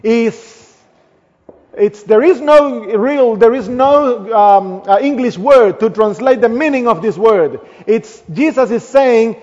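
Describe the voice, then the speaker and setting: High-voiced man preaching in a reverberant hall. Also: takes it slowly. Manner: emphatic, trailing off softly at phrase ends. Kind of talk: sermon. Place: church. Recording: long hall reverb, dull lo-fi sound.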